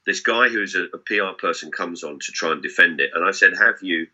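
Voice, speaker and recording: A middle-aged man with a deep voice tells comic anecdotes quickly as a guest, swearing freely. He is an animated storyteller, and the recording has a dull, lo-fi sound.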